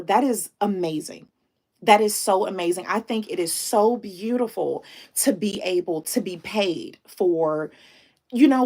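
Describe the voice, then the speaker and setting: Slow-talking, emotional live-stream host woman. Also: lowish voice, darkish tone. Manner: emotional, on the edge of tears; sprinkles French greetings. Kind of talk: casual live-stream chat.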